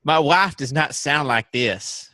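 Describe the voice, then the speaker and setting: A man's voice: on the high side, slow, bright, forceful tone, no echo. A man with a Southern accent hosting a sports podcast in casual, playful banter over a remote call. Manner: playful, teasing. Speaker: podcast host. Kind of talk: casual chat.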